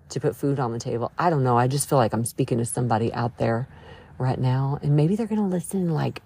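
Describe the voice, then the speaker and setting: A woman's voice: very deep voice, mellow, husky. A woman hosting a devotional podcast, talking to listeners in an earnest, emphatic, conversational way. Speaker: podcast host.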